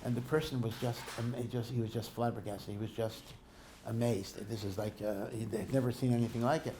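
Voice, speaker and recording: A man's voice: medium pitch, fairly even intonation, brisk, dark tone, a little hiss or hum. A man, a rabbi, giving a Torah lecture in a conversational, digressive storytelling way, often restarting his sentences and using Hebrew and Yiddish learning terms. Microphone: podcast recording of a lecture.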